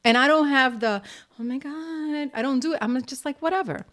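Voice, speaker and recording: A middle-aged woman from the United States tells her story as a guest in a podcast interview. Her voice sits a little high, and she acts out quotes with sudden jumps between loud and near-whispered. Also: normal speed. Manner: animated storyteller acting out quotes, swings between loud and soft. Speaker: singer and actress guest.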